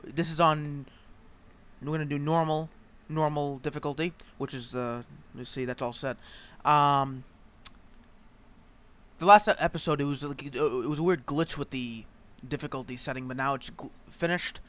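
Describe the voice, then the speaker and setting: Rambling man with a higher voice. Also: steady tone, normal speed, fairly bright tone. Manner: rambling, chatty, lots of fillers. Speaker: gaming channel host. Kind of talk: let's play commentary.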